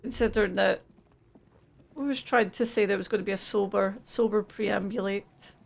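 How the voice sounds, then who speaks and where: Gravelly-voiced woman streamer. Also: mid-range voice, a little fast. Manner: chatty, reads game text aloud, laughs easily. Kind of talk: live gameplay commentary and reading aloud.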